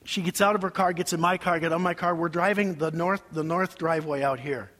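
A man preaching a sermon as pastor, telling a personal story with emotion, his voice going from soft asides to loud cries. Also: fairly high pitch, steady tone, fairly quick. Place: large church sanctuary. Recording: long hall reverb.

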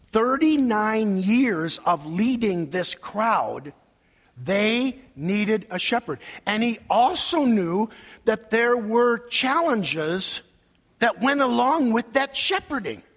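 A man's voice: high-pitched, lively intonation, slow pace, a bit bright, in a large hall. A male pastor preaching a sermon, emphatic and preacherly, leading his congregation in call-and-response.

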